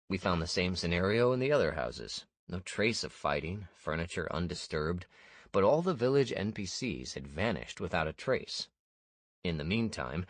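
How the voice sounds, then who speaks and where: A man narrating a first-person fantasy audiobook in a steady, measured way. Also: deep voice, no echo.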